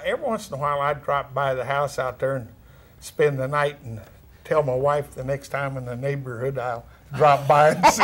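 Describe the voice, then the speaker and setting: A middle-aged man with a thick West Texas drawl, talking as an interview guest. He chats in a relaxed, folksy way, drops down-home words and chuckles now and then. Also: medium pitch. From California. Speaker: actor and former rodeo cowboy, interview guest.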